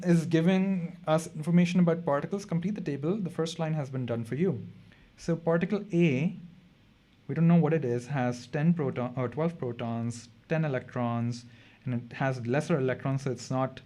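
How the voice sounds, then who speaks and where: A man's voice: on the high side, a little mellow. Chatty young male chemistry tutor. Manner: chatty, thinks aloud and corrects himself mid-sentence. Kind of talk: casual exam revision lesson.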